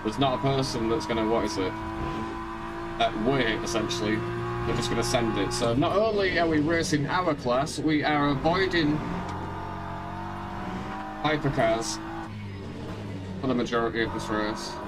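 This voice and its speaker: A talkative man at an ordinary middle pitch, running a live racing stream from home. He rambles through car settings and greets his viewers by name, with loud music playing behind him. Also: normal speed, long pauses. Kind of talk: casual live-stream chat while racing.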